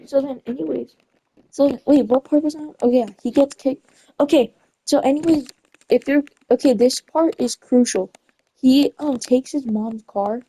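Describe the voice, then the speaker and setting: A young woman with a fairly high but mellow voice rambles through a story as she plays a game. She keeps stopping to correct herself and find her place again. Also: breathy edge, poor audio. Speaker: gamer retelling a story. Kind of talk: casual chat while gaming.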